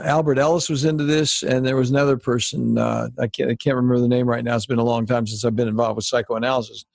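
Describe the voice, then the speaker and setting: A man's voice: medium pitch, creaky, a little mellow, no echo. A middle-aged or older man hosting a conversation, lecturing in a rambling way with many restarts. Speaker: host. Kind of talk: conversational commentary.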